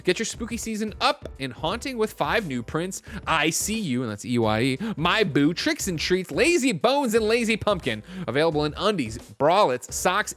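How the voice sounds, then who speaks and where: A man hosting a podcast, reading sponsor ads in a playful, exaggerated pitchman style. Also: a bit bright. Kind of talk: upbeat ad read.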